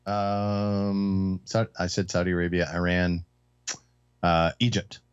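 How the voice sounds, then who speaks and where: A low-voiced man co-hosts a relaxed panel talk, working through economic points with frequent fillers and restarts. The audio is dull and lo-fi. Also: slow pace, clean tone. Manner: explains economics with hesitant fillers. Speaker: co-host. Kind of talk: casual round-table discussion. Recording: dull lo-fi sound.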